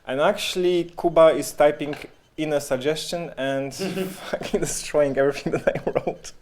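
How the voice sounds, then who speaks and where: A man's voice: on the high side, normal speed, a little mellow, slight background noise. A man with a Polish accent chatting casually and jokingly on a live stream, tripping over and repeating words now and then. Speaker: game developer streamer. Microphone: handheld microphone.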